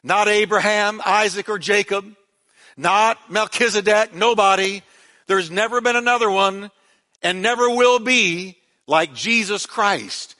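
A man's voice: sits high, unhurried, bright, forceful tone. A male pastor preaching a sermon with emphasis, repeating key words for weight.

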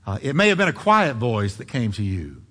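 A man preaching a sermon, swinging from loud emphatic peaks to hushed quiet asides. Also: mid-range voice, huge pitch swings, a little fast, husky, in a large hall.

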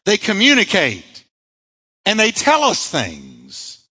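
A man's voice: high voice, huge pitch swings, slow pace, sharp tone, slightly rough, in a large hall, rough recording. A male pastor preaching a sermon, emphatic, asking rhetorical questions and answering them himself.

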